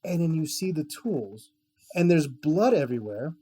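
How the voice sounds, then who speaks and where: A man's voice: on the high side, expressive, normal speed, dark tone. A man co-hosting a film podcast, enthusiastic and profane, reading trivia and arguing his points. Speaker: podcast co-host. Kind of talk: casual film chat.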